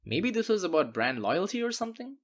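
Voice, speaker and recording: Female narrator for animated internet stories, lowish voice, animated delivery, wry. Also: a little fast. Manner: wry, sarcastic asides. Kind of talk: scripted storytime narration.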